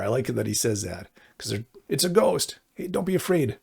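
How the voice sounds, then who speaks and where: A middle-aged male pastor with a gravelly, husky voice delivers a sermon. He speaks earnestly and conversationally, then slows into emphatic appeals. His pitch sits at an ordinary middle height. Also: expressive, a little mellow.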